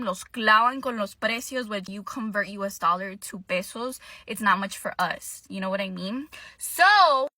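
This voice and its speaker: Chatty bright-voiced woman in a car. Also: medium pitch, dry recording. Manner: animated, chatty storytelling with lively swings in loudness. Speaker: vlogger. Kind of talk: casual storytime chat. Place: inside a car.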